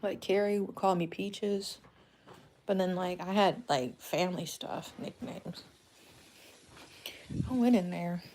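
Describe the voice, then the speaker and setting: A woman's voice: fairly low pitch, slow, long pauses, darkish tone, a little hiss or hum. A woman hosting a casual livestream chat from a dim room at home, talking frankly in a rambling way and swearing casually. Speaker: livestream host.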